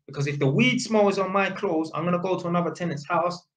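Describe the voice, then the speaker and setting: High-pitched and quick, a young adult British vlogger with a London accent spins a casual story about his work in street slang, constantly using tag questions. The sound is roomy and a little dull.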